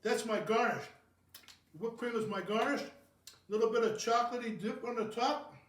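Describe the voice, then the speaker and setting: A man's voice: extremely high pitch, moderate pace, distant mic. A man hosting a casual home cocktail video, rambling and joking about himself as he mixes a drink. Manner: jokey, rambling, self-mocking. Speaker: cocktail show host. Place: home kitchen. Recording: roomy, from off the mic.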